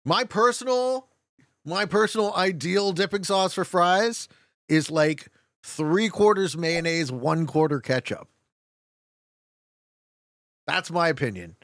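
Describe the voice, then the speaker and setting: A man's voice: high-pitched, slow, pauses often, fairly bright tone, dry recording, clean studio sound. A young man streaming a strategy game, chatting casually, joking and laughing often as he answers chat. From Canada.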